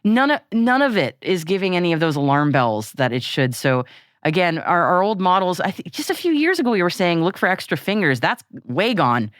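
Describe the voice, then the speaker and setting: A lively woman co-hosting a podcast, talking in a casual, animated way with plenty of laughter and quick restarts. Her pitch swings up and down freely as she talks. The recording is close and dry, with no room sound. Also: no echo. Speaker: podcast co-host. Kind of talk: casual chat.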